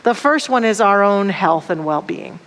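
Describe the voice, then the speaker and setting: A woman minister delivers a sermon in a mid-pitched voice, telling personal stories in a candid, emphatic way. The sound has the long reverb of a church hall. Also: animated, moderate pace, a bit bright. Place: church sanctuary.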